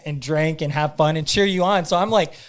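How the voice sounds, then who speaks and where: Guy on a podcast telling a story, kinda high voice, lots of "like", acts out what he was thinking. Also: brisk. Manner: animated, acts out his own inner voice; frequent "like" fillers and repeats. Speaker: podcast guest. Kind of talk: casual storytelling.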